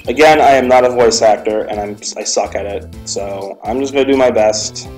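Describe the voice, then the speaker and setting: Young guy doing a lets play, reads the lines out loud, jokey, bits of game music behind. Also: lowish voice, moderate pace, poor audio. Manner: animated and jokey, reads lines aloud with stumbles. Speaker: let's play host. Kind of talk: let's play commentary, reading and voicing the dialogue.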